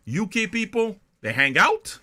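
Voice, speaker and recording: A man's voice: high-pitched, wildly swooping pitch, unhurried, bright, forceful tone. An older man from Canada, hosting a music reaction show in a blunt, profane, rambling monologue.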